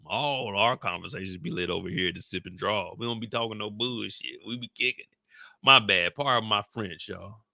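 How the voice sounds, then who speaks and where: Casting: slangy laid-back male host, gravel in the voice, dry close sound. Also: lowish voice, pushed and bright, no room sound. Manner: laid-back, slangy, repeats his points. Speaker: YouTube show host. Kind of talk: casual recap chat.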